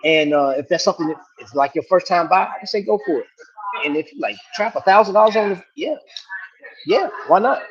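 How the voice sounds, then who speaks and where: A man's voice: high-pitched, lively intonation, a little fast, crowd noise. A middle-aged man hosting a casual livestream, chatting in a laid-back way and laughing along with viewers. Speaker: watch reviewer and livestream host. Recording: dull lo-fi stream audio.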